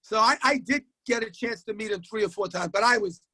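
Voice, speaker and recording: New guy in his 60s, basketball coach telling stories, repeats himself, voices everybody, bright tone. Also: sits high, brisk, dry recording. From Queens, New York. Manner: animated storyteller who acts out voices and repeats himself. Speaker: high school basketball coach, guest. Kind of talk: casual storytelling interview.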